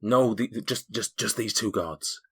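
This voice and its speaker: A man's voice: on the low side, moderate pace, fairly bright tone, breathy edge, full character voice. A man voicing a grateful, earnest male dwarf who stammers and repeats his words. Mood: shaken.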